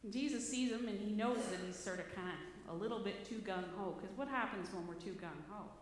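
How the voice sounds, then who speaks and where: A woman's voice: medium pitch, fairly quick. A woman preacher giving a conversational, storytelling sermon, self-deprecating and chatty, in a church hall. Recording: echoey hall, faint background noise.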